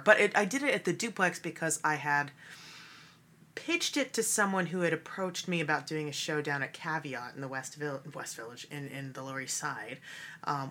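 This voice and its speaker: A woman's voice: deep voice, bright, forceful tone. A woman, a stage actress and cabaret performer, chatting casually in an interview, laughing often and talking with many fillers. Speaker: musical theatre actress and cabaret creator.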